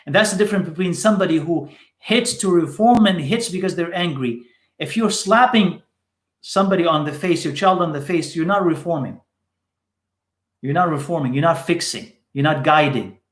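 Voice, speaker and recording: A man's voice: high voice, fairly bright tone, echoey room. A man teaching in a live question-and-answer session, repeating short phrases for emphasis.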